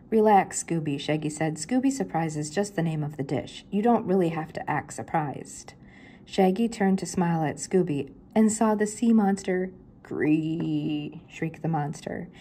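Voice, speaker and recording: An older woman reads a children's chapter book aloud, rising higher for each character's line. Her voice sits a little low and mellow, with a faint background hiss on the recording. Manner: lifts her pitch for the characters' lines. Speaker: grandmother reading aloud.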